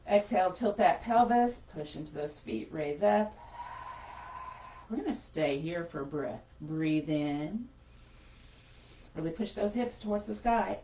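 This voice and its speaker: A woman instructor guiding a gentle yoga class, chatty and encouraging, a little breathless as she does the poses alongside. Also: medium pitch, slow pace, long pauses. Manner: encouraging, chatty, talks while doing poses. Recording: echoey room, far from mic, dull lo-fi.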